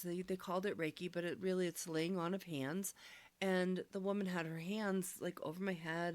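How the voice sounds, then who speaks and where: A woman sharing a personal healing testimony, speaking in an earnest, searching, soft-spoken way. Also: lowish voice, no room sound.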